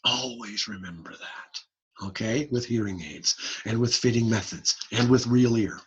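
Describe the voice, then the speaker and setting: A man giving an informal online lecture, lively and blunt, over a computer mic on a video call. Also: mid-range voice, moderate pace, breathy edge, lo-fi sound. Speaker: audiology lecturer.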